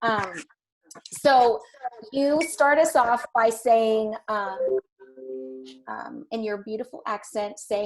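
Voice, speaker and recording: Upbeat lady running a panel on a video call, higher voice. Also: unhurried, a little mellow, poor audio. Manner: upbeat, encouraging, directs the talk. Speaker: panel moderator. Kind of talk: casual video call chat.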